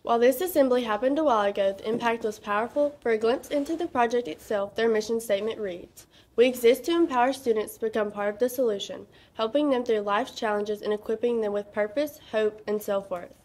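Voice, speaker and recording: A woman anchoring a student news show, reading announcements clearly from a script. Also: on the high side, fairly quick, a little mellow.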